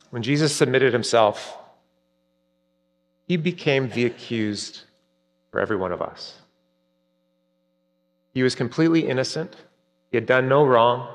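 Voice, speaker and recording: A man preaching a sermon earnestly, rising for emphasis and dropping soft at key points. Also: medium pitch. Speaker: pastor. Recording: long reverb, hall-like.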